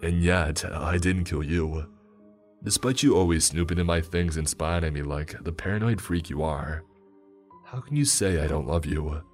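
A man voicing a charming, menacing male killer who talks in a smooth, mocking, self-justifying way. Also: deep voice, normal speed, faint music behind, natural voice. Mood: gloating.

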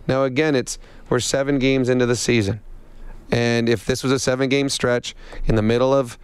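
Sports radio guy breaking down the game, smooth voice, dry studio sound. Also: medium pitch, little pitch movement, normal speed, no room sound. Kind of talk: sports talk analysis.

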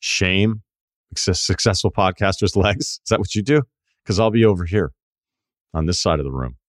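Man, podcast host, sardonic rant, profane, lowish voice, dry studio sound. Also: normal speed, no room sound. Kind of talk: casual podcast chat.

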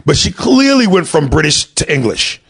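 A man with a gravelly voice on the high side chats at normal speed as co-host of a podcast; he's a stand-up comic. The talk is casual and animated, and he swears freely and mimics people while telling stories.

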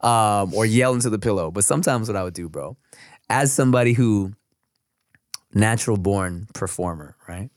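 A man co-hosting a podcast in casual, profane chat, his throat a little rough from a cold. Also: lowish voice, moderate pace, dry recording, clean studio sound. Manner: swearing, storytelling, playful. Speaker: podcast co-host.

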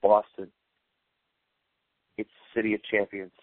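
Lower-pitched man, solemn dedication read, dry and phone-thin. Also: monotone. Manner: earnest, measured, rallying. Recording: dry, phone-like narrow sound.

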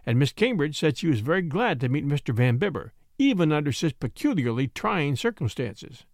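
A man reading a classic story aloud as narrator, in an expressive storytelling manner. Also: fairly high pitch, normal speed, few pauses, dry recording, studio quality. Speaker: audiobook reader. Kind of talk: scripted narration.

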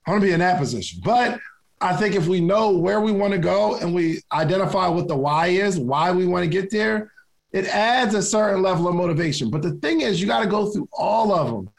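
Slightly high, gravelly-voiced man motivating. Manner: conversational, self-deprecating, laughs at himself; repeats key questions for emphasis. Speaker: motivational speaker. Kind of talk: casual motivational talk.

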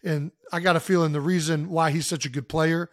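A man from Ohio co-hosting a podcast, telling stories in an animated, joking way. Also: a little high, fairly quick, dry recording, studio quality. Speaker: podcast co-host. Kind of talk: casual chat.

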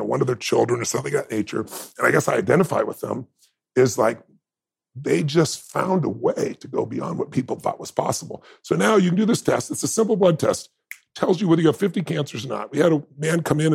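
Gravelly, husky man telling heartfelt stories. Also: medium pitch, darkish tone. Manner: intense, heartfelt, emphatic. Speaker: podcast guest. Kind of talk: emotional storytelling in conversation.

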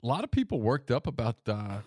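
A man's voice: mid-range voice, sing-song, fairly quick, mellow, dry recording, clean studio sound. A man hosting a sports talk show, giving brief prompts and teasing his guest.

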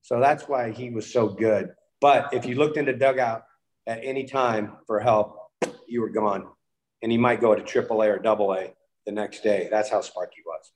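A former pitcher in an interview, telling old clubhouse stories casually, acting out quotes and laughing often. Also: male voice, normal speed. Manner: animated storyteller, acts out quotes, laughs often. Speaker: guest, former baseball pitcher.

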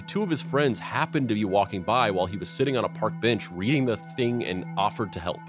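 A man hosting a history podcast, narrating events and slipping into deadpan absurd jokes. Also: fairly low pitch.

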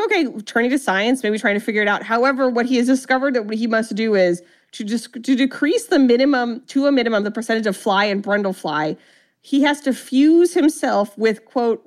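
A woman co-hosting a podcast, animatedly retelling a film's plot and acting out the characters' lines in casual chat. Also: a little high. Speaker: podcast co-host. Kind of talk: casual movie recap chat.

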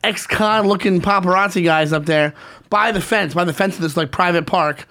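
Animated man telling stories. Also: high-pitched, normal speed. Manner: animated storyteller, laughs and swears often. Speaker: podcast co-host. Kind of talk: casual chat.

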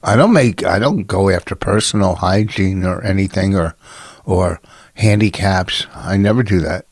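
A man's voice: sits low, normal speed, dry recording, clean studio sound. A man hosting a podcast in casual bickering chat, needling and sarcastic. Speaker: podcast host.

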